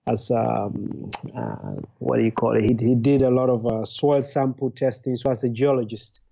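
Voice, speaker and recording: A man's voice: medium pitch, animated, normal speed, creaky, warm tone, highs cut off. A man from Leone, a podcast guest telling his story thoughtfully and hesitantly, with many fillers, over a remote call. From Sierra Leone. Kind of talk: interview storytelling.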